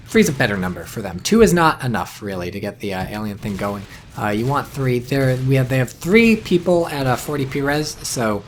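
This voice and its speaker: A man giving casual solo commentary on a competitive video game, rambling and dropping deadpan jokes. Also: mid-range voice, slight background noise. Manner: rambling, deadpan jokey asides. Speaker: esports caster.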